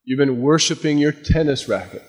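A man's voice: on the high side, normal speed, big-room sound. A male pastor giving a conversational sermon that moves between plain explanation and emphatic warnings. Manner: conversational preaching, emphatic warnings, acts out quotes. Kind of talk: expository sermon.

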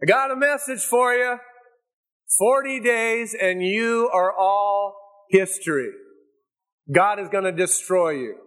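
A man voicing an angry, vengeful prophet who gloats over a doomed city, shouting and mocking. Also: high-pitched, slow, pitched above the performer's own voice. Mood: gloating.

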